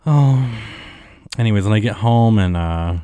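A man's voice: fairly low pitch, animated, measured pace, dark tone, clean tone, no room sound, studio quality. A man hosting a solo podcast, rambling casually with lots of filler words and swearing. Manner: rambling, heavy on "like" and "um", profane. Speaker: podcast host.

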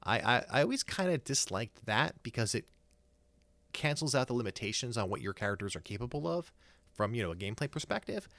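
A man's voice: medium pitch, big pitch swings, fairly quick, vocal fry, a bit bright, no echo. A man co-hosting a podcast, talking casually and enthusiastically, rambling with many fillers and restarts. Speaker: podcast co-host.

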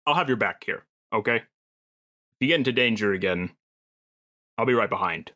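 A man's voice: lowish voice, animated, fairly quick, pushed and bright. A man playing a tabletop role-playing game, playful, slipping into a hearty in-character tone. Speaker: player.

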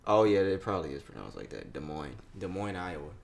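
A young man co-hosting a casual podcast, reacting to news stories loudly, swearing and laughing often. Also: low voice, very animated, a little fast, gravelly, crowd noise. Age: young adult. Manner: loud, profane, laughs often. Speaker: podcast co-host.

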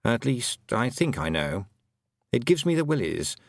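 A man's voice: mid-range voice, big pitch swings, measured pace, creaky, no echo, clean studio sound. A man voicing an anxious male toad who thinks he was once human, rambling and fretful.

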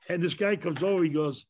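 Telling casual stories on a panel, an older former ballplayer with a Brooklyn accent rambles about his past and laughs at his own tales. His voice is on the high side with a darkish tone, and the recording has a little hiss or hum.

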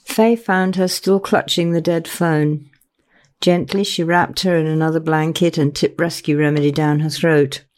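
A woman narrating her own novel in a measured, unhurried reading. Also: low-pitched, fairly even intonation, darkish tone. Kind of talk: audiobook narration.

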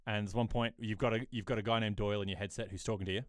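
A man in his thirties co-hosts a podcast in easygoing chat. He is an animated storyteller who keeps jumping into squeaky impressions. His voice sits at an ordinary pitch, and the sound is close and dry. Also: rapid-fire, dry recording. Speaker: podcast co-host. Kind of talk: casual chat.

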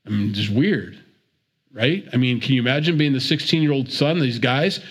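Male Bible teacher, mid-pitched, casual and digressive, stumbles and repeats as he talks. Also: normal speed, breathy edge. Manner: chatty and digressive, with repeats and chuckles.

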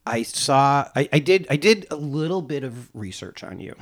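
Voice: medium pitch, animated, moderate pace. A host in their forties running a casual interview, chatty and self-deprecating. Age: 40s. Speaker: podcast host.

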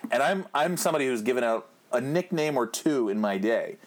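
A man's voice: mid-range voice, lively intonation, fairly quick. A man in his thirties hosting his own podcast, telling rambling, profane, jokey stories in a casual monologue. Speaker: podcast host.

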